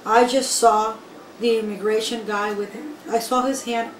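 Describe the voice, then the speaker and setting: A woman from Guatemala, telling her own story in an interview in an animated, emphatic way and speaking straight to the listeners. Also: on the high side, normal speed. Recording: echoey room, voice from far off, faint background noise.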